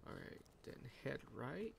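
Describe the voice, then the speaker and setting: A young man commenting on a game in a lively, up-and-down voice with a gravelly edge. He jokes, swears freely and laughs often. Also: medium pitch, a little slow, slight background noise. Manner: profane, joking, laughs often. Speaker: gaming channel host. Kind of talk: let's-play commentary.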